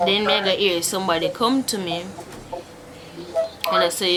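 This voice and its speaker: A woman's voice: medium pitch, normal speed, pauses often, loud music behind the voice. A woman vlogger pranking a friend on a call, feigning hurt while trying not to laugh. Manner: laughing through fake upset, Caribbean creole turns. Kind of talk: casual prank phone call. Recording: loud background noise.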